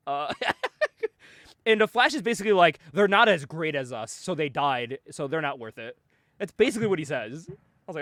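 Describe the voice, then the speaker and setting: A young man co-hosting a casual podcast, retelling a comic book story with lively voices for the characters and frequent laughs. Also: on the high side, normal speed, no echo, clean studio sound. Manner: animated retelling, acting out characters' lines with laughs. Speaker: podcast co-host.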